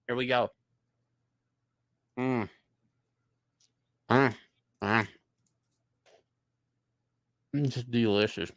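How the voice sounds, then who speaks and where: A man's voice: medium pitch, fairly even intonation, very slow, long pauses, dry recording, clean studio sound. A man hosting, in casual chat, giving wry joking commentary on food. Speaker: host.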